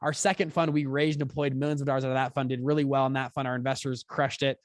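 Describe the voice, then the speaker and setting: A young man in his twenties, a podcast guest telling a story in conversation, animated and quick, acting out quotes with big jumps in pitch. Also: no room sound, clean studio sound. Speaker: podcast guest, fund founder.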